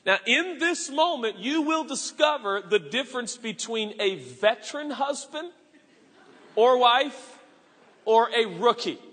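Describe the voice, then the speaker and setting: High bright pastor preaching in a hall. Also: male voice, animated, a little slow. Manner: storytelling with restarts and bursts of raised shouting. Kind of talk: sermon. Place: church auditorium with live audience. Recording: long reverb of a large hall.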